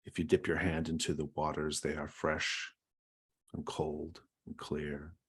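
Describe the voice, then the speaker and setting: A man narrating a tabletop game as its game master, with descriptive, unhurried storytelling. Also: a bass voice, level tone, husky.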